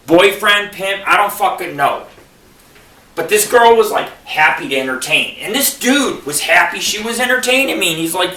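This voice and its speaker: A man's voice: sits high, sing-song, normal speed, bright, forceful tone. A man from Buffalo hosting a radio show, telling rambling, profane stand-up style stories. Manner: profane, rambling and digressive storytelling. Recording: echoey room, far from the mic.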